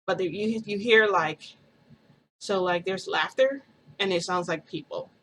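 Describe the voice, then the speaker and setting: A woman's voice: mid-range voice, unhurried, fairly bright tone, slight background noise, low-quality recording. A woman vlogger casually telling a first-person story, rambling and full of "like" fillers.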